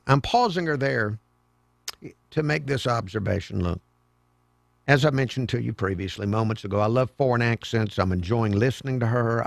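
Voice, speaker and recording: A man hosting a talk radio show, delivering a sarcastic, mocking monologue with sudden loud outbursts. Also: medium pitch, vocal fry, no echo. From American South. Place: radio studio. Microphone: studio microphone.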